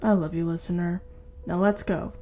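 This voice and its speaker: A calm, affectionate young man with a lowered, coaxing voice, as a woman narrator puts him on. He teases gently and stays in control. Faint music plays under this homemade fan-fiction reading. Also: moderate pace, close to an everyday voice. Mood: teasing.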